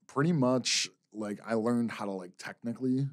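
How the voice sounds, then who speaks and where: A man with a baritone speaking voice, a musician guest chatting casually in a radio studio and rambling with lots of fillers. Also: moderate pace. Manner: relaxed, rambling, full of "like" fillers. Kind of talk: casual interview chat.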